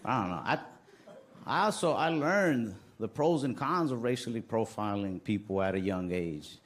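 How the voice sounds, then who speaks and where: A man doing stand-up comedy, telling a story in a laid-back, deadpan way. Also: fairly low pitch, moderate pace, slight background noise.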